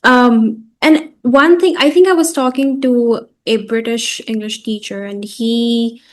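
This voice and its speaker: A woman's voice: on the high side, fairly even intonation, a little slow. A woman from India hosting an interview, asking questions in a hesitant, thinking-aloud way. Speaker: host and interviewer. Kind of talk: conversational interview.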